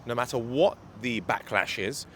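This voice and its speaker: Walking outdoors on a city street with a handheld phone, a man offers dating advice as a coach, emphatic and going back over his main points. His mid-range voice moves at normal speed, with a little hiss or hum in the audio.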